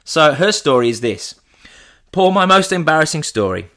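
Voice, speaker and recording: A man's voice: fairly high pitch, big pitch swings, normal speed, sharp tone. A man in his thirties hosting a podcast, telling a story in a chatty, teasing way. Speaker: podcast host. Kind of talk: comic storytelling.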